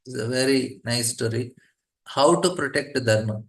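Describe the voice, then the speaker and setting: A man gives a devotional scripture class and tells stories as he goes. He speaks conversationally, often laughing, with many restarts and fillers. His pitch sits in a middling male range. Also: normal speed, fairly bright tone. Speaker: scripture teacher.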